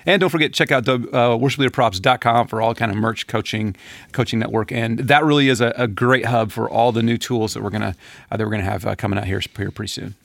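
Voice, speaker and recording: A man co-hosting a podcast, chatting casually in a rambling, animated way with many restarts. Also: mid-range voice, quick pace, gravelly, no echo. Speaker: podcast co-host.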